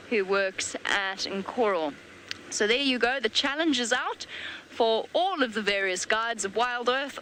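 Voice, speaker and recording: A woman's voice: fairly high pitch, pushed and bright, a little hiss or hum. Playful woman presenting a live show. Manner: playful, teasing. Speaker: safari broadcast presenter. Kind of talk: live broadcast chat.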